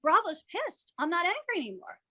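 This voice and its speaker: A woman's voice: very high-pitched, big pitch swings, normal speed, bright, forceful tone. A woman speaking as an interview guest, a matchmaker and TV producer. She tells stories candidly, acts out quoted lines and swears freely.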